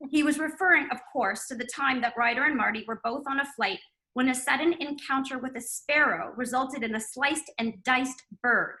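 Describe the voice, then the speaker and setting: A woman's voice: high voice, bright, forceful tone, rough recording. A woman co-hosting a book chat, reading a passage from her novel aloud. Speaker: co-author and co-host.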